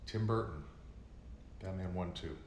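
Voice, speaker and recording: A man with a somewhat low voice hosts a casual livestream, rambling and cursing freely as he gets worked up. He sounds like he is in an echoey room, with a faint hum of noise behind him. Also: a little slow. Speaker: livestream host. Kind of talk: casual chat with viewers.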